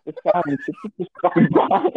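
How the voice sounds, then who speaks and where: A young man with a high, husky voice laughs his way through a casual chat, repeating himself as he goes. The sound is dry and thin, like a phone line. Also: big pitch swings, normal speed, no echo. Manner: laughs constantly, repeats himself, swears often.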